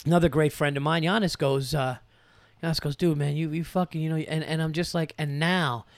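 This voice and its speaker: A man hosting a podcast, a comedian telling stories in a casual, profane, animated way. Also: a little high, fairly quick, no room sound. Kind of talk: casual chat.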